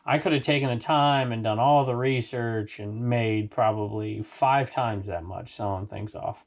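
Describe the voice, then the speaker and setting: In a relaxed, unhurried manner, a man with a mid-range voice talks casually to viewers. He's a Southern California reseller vlogger, wandering chattily as he shows his items.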